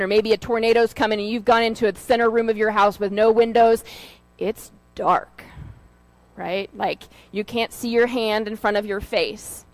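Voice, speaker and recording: A woman's voice: mid-range voice, dry recording, poor audio. A woman giving an informal sermon, talking in a conversational, storytelling way with fillers and asides. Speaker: lay preacher.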